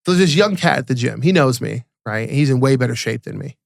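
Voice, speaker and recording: Gravelly dude cohosting a podcast, dry close mic, gets animated telling stories. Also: male voice, fast, dry recording. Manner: animated storyteller, acts out quotes in a higher voice; repeats and restarts words. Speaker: podcast co-host. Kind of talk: casual podcast chat.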